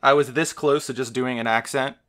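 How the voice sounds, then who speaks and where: A man's voice: mid-range voice, fairly even intonation, brisk, a bit bright. A young man co-hosting a casual podcast, easygoing and laughing between remarks. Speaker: podcast co-host.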